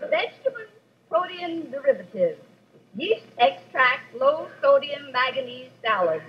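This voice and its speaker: Brief: an affected health-food fan, lilting and high-pitched. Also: female voice, very animated, measured pace, very noisy. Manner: prissy, affected. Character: affected, fussy health-food-loving lady diner. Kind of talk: 1950s live TV sketch comedy. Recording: lo-fi old TV audio.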